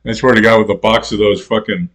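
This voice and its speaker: A man's voice: on the low side, fairly even intonation, fast talker, fairly bright tone. A man telling stories in a casual rant, rambling, swearing freely and laughing at his own jokes. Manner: mimics other people in quoted voices. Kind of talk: casual profane storytelling rant.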